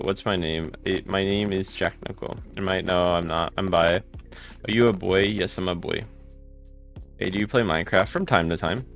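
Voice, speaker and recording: A man live streaming a game, rattling off quick greetings and answering chat comments in casual talk. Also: low voice, a bit bright. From United States.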